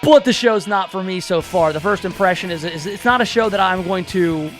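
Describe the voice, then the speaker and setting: A man's voice: high voice, fairly quick, fairly bright tone, faint music behind. A middle-aged man hosting a radio talk show, chatting casually and wryly with many restarts. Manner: wry, talkative, many restarts. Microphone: studio microphone.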